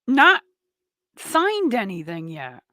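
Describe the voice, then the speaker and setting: Woman radio host, sarcastic ranting monologue, fairly high voice, dry studio sound. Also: huge pitch swings, slow, bright, forceful tone, no echo. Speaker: radio talk show host. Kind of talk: political talk radio monologue.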